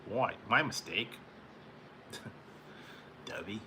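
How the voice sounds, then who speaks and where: A man's voice: on the low side, lively intonation, very slow, gravelly, bright, forceful tone, slight background noise. A man hosting a live stream, chatting casually with viewers in a rambling way and chuckling often between remarks. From California. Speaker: live-stream host reading chat.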